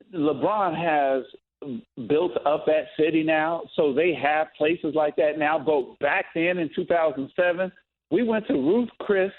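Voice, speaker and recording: A man, a former pro basketball player, appearing as a guest and talking in a relaxed way. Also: a little high. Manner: relaxed, laughs while reminiscing. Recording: tinny phone line.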